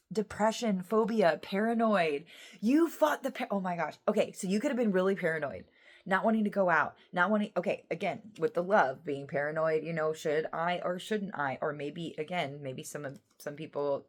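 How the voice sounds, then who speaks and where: A woman giving a casual tarot reading to her viewers, emotional and excitable, rambling with lots of restarts and half-finished thoughts. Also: on the low side. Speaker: tarot reader.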